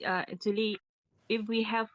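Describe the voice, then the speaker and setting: A woman's voice: mid-range voice, little pitch movement, normal speed, lo-fi sound. A woman, a student in an online speaking class, giving her opinion hesitantly with many fillers.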